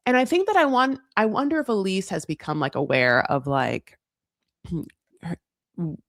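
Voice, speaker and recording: On a reality TV recap podcast, a female co-host chats at normal speed in a medium-pitched, fairly bright voice with lively intonation. She rambles, uses lots of fillers, and quotes people in exaggerated voices. Audio is studio quality without echo.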